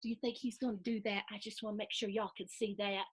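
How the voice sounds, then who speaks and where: A woman's voice: medium pitch, little pitch movement, quick pace, husky. A woman hosting a children's storytime, reading a picture book aloud with lots of questions and sound effects. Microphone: video stream.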